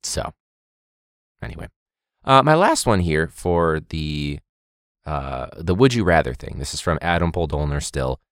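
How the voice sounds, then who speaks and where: A man's voice: extremely low pitch, a little slow, dry recording, clean studio sound. A young man, a teacher hosting a podcast, talking casually and animatedly, joking and mimicking others. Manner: animated, jokey, mimics people in a loud voice.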